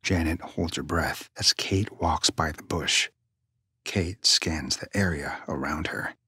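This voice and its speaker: A man narrating a suspense story in a hushed, tense manner, often dropping near a whisper. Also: extremely low pitch, slow pace, husky, no room sound, studio quality.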